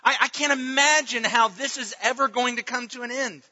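A man's voice: very high-pitched, fairly even intonation, a little fast, sharp tone. A man preaching a sermon in an earnest way, often restarting words and at times dropping almost to a murmur. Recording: dull lo-fi audio with long reverb.

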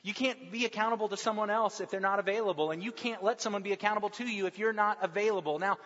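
Man, high voice, pastor, casual humorous sermon, dull lo-fi sound. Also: fast talker. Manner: conversational, humorous preaching with lively mimicry. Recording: dull sound with long hall reverb.

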